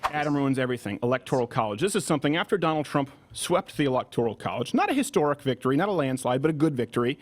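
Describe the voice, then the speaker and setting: A man's voice: medium pitch, sing-song. A man hosting an opinionated commentary show, rebutting clips in a mocking, emphatic way. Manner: mocking, emphatic, fast-talking. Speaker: political commentary host.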